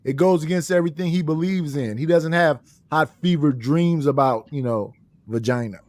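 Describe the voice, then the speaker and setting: A man's voice: fairly high pitch, moderate pace, a little mellow. A man hosting a heated live debate panel, teasing and provoking the guests.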